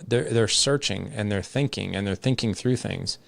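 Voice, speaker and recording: A man's voice: on the low side, moderate pace, gravelly, hardly any pauses, dry recording. A man, a father and podcast guest, talking earnestly in conversational examples with lots of casual fillers.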